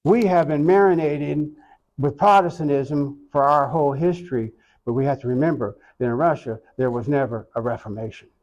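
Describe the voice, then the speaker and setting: An older man with an Oklahoma accent, an interviewee who tells his story slowly and reflectively, with many pauses. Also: fairly high pitch, a little mellow, dull audio. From Oklahoma, USA. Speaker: interviewee, iconographer.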